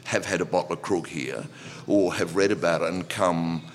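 A middle-aged man, a pub owner, telling stories in a relaxed, rambling way with frequent restarts and laughs. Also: sits low, normal speed. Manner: rambling, repeats words and restarts, laughs often. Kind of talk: relaxed storytelling. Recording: long reverb.

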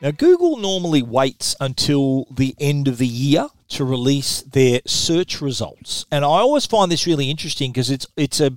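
A man's voice: a little high, no room sound. A middle-aged Australian man hosting a tech show, talking chattily and often restarting his sentences. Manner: chatty, lively, repeats words when restarting. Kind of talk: radio tech news talk.

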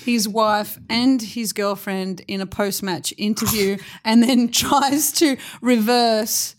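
A woman's voice: fairly high pitch, fairly even intonation, slow pace, a little hiss or hum. Wry woman co-host. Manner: wry, laughing. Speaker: podcast co-host. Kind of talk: casual sports chat.

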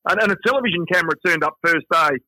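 A man's voice: a little high, very fast, sharp tone, no echo, poor audio. Chatty man with a broad Australian accent. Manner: anecdotal, chatty storyteller. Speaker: guest, finance and media figure. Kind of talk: conversational interview.

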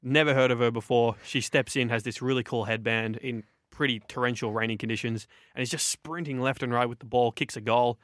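A man's voice: medium pitch, steady tone, a little fast, few pauses, fairly bright tone, no echo. A young Australian man hosting a sports podcast, giving eager, opinionated analysis in long runs of speech. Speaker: sports journalist and podcast host.

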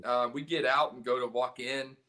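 Steady and sharp in tone, at medium pitch and a moderate pace, this man from South Carolina, who fronts a punk band on vocals and guitar, tells a podcast story in a loose, profane, restart-heavy way.

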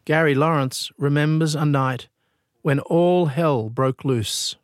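A man narrates a true-crime story, grave and deliberate. He speaks slowly, with a slightly raised pitch and a dry, close sound. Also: dry recording.

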